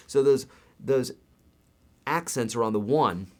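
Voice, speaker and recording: A man's voice: mid-range voice, slow, pauses often. A man teaching a live guitar lesson in a casual, chatty way, his voice tired and worn, counting beats aloud.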